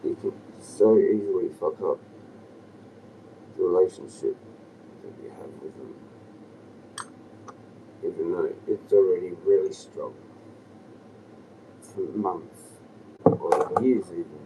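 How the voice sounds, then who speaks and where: A man's voice: sits low, slow, pauses often, warm tone. A man chatting on a live stream outdoors in a loose, chuckling way, often dropping to a whisper. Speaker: livestreamer. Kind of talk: rambling casual live-stream chat. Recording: distant mic with clear outdoor noise.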